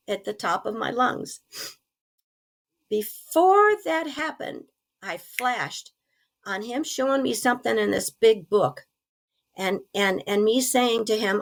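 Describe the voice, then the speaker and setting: A middle-aged woman, hoarse from recovering from pneumonia, telling a personal story as an interview guest in an earnest, animated way. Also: a little high, slow pace.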